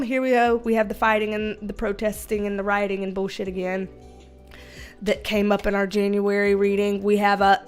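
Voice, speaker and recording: A young adult woman giving a livestream tarot reading at home on a webcam, animated and casual, swearing freely. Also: a little high, clean tone. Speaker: tarot reader.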